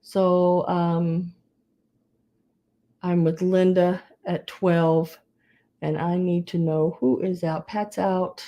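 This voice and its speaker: A woman's voice: lowish voice, little pitch movement, drawn-out words, long pauses, mellow. A woman running a live online sale, chatting casually and calling to bidders by name. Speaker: live auction seller.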